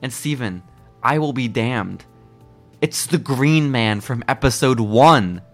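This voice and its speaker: A man with an ordinary mid-pitched voice, chatting casually on a podcast. He recaps with excited, animated storytelling and an easy, joking energy. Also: takes it slowly, faint music behind. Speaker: podcast co-host. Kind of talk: casual chat.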